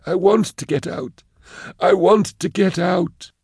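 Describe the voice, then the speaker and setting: A man's voice: sits high, darkish tone, slightly rough, no room sound, clean studio sound, voice pushed up, full character voice. A man voicing an exhausted male mage who pleads weakly and drags out his words. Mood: weary pleading. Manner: weak, whimpering and drawn-out.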